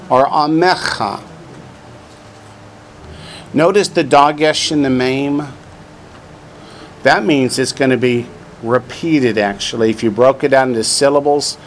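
A man's voice: mid-range voice, a little hiss or hum. A man teaching a class from a textbook, drilling vocabulary and adding dry joking asides. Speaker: Hebrew teacher. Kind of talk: classroom lesson, reading from a textbook.

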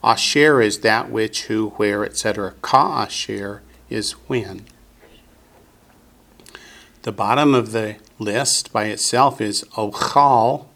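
A man's voice: lowish voice, slow, gravelly, a bit bright. A man teaching Biblical Hebrew in a classroom, patiently drilling students with call-and-response.

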